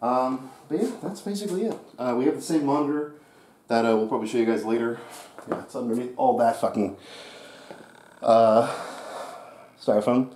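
A man's voice: mid-range voice, normal speed, long pauses, darkish tone. A man in the middle of his range, cracking jokes and grumbling over the top while unpacking. He swears without a thought. The room rings with echo, and faint noise sits underneath. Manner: joking, swears casually, exaggerated complaints. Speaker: co-host unboxing a computer. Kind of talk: casual chat.

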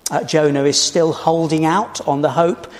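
A British man preaching a sermon in a church, telling the story in a measured way and posing rhetorical questions. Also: on the high side, fairly even intonation. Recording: reverberant church hall.

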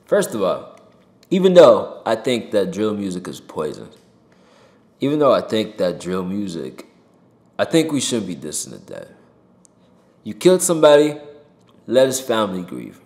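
A rapper giving a heated opinion monologue to camera from a home desk mic, swearing and jumping loud and high for emphasis. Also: male voice, big pitch swings, moderate pace, long pauses, reverberant. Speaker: rapper and commentator. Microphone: desk mic with pop filter.

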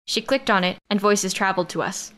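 Reading aloud from a science-fiction romance told in the first person, a woman keeps her narration steady yet expressive. She speaks at a typical mid pitch with a smooth, even storytelling rhythm and a fairly quick pace.

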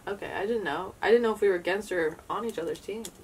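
A woman's voice: medium pitch, fast talker, darkish tone, a little hiss or hum. A woman co-hosting a casual video, chatting in a laid-back, playful way with frequent giggles. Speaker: co-host of a video channel. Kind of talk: casual chat.

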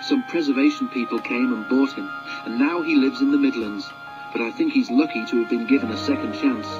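A man voicing a steady, good-natured male engine who tells a cautionary tale in a calm, kindly way. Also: medium pitch, fairly quick, lightly acted. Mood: wise. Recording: dull lo-fi audiobook with music.

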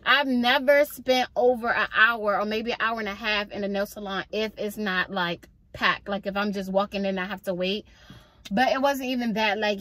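Young woman, vlogger, frustrated venting, slightly high voice, dry recording. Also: dry recording. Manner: frustrated, venting, animated storytelling. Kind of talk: casual vlog rant.

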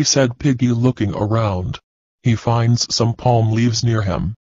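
A man teaching, reading a children's story and class activities aloud slowly and deliberately. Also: mid-range voice, darkish tone, dry recording. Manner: slow, deliberate, clear reading. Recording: dull, dry lo-fi recording.

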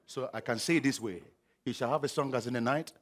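A middle-aged man preaching a sermon, animated and humorous, acting out scenes with sound effects. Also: medium pitch, fast talker. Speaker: pastor.

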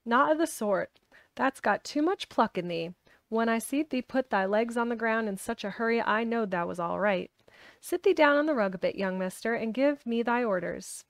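A gruff old man from the dales talks in a dry, blunt country way. He is voiced by a woman reading a storybook aloud. The sound is close and dry. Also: fairly high pitch, expressive, moderate pace, no room sound. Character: crabbed old male gardener, dry and gruff.

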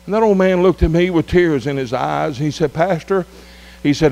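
Middle-aged pastor with a high voice, preaching a revival in drawn-out emphatic phrases. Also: male voice, gravelly, a little mellow. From Arkansas. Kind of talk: revival sermon.

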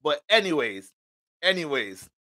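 Guy doing a casual astrology reading, slangy and rambly, a bit high voice, dry close sound. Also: big pitch swings, measured pace, bright, forceful tone, no echo.

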